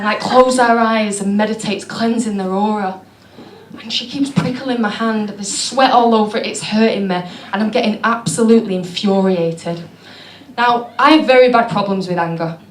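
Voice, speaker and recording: A woman doing stand-up, telling stories in a deadpan, self-mocking way. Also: medium pitch, moderate pace. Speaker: stand-up comedian. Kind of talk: stand-up comedy. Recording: echoey venue with clear background noise.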